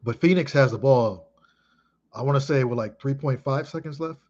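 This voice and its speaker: A man in his thirties from Chicago talks through an old memory, emphatic and full of swearing. His voice sits at a medium pitch. The recording sounds dull and lo-fi. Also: normal speed. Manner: excitable, emphatic, heavy swearing. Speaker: vlogger. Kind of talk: casual reminiscing monologue.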